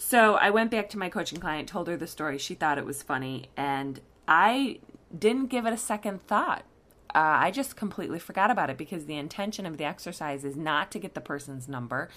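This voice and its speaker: A woman's voice: deep voice, expressive, fairly quick, fairly bright tone. A woman, working as a coach, tells a candid personal story to her listeners, with fillers and restarts.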